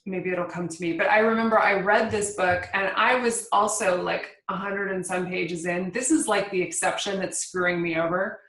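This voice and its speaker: A woman hosting a casual book chat, talking in a chatty, expressive and animated way. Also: mid-range voice, moderate pace, hardly any pauses, echoey room, low-quality recording. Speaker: podcast host.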